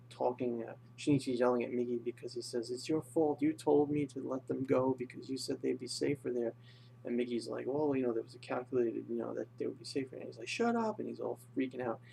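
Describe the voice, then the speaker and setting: Gravelly, flat-voiced young man reviewing. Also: medium pitch, slight background noise. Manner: rambling recap full of fillers and "like". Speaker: anime reviewer. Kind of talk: casual spoken episode review.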